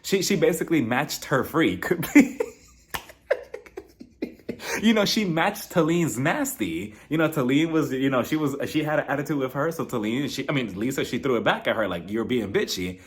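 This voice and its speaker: At a moderate pace, a man with a fairly high pitch and lively intonation hosts a gossipy, casual review of a reality TV episode, performing what people said in playful voices.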